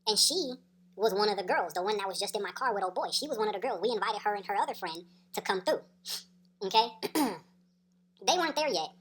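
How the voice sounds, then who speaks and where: A woman's voice: mid-range voice, expressive, fairly quick, a bit bright. A woman telling a story in a casual, slangy, profane way, laughing as she goes. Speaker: storyteller vlogger.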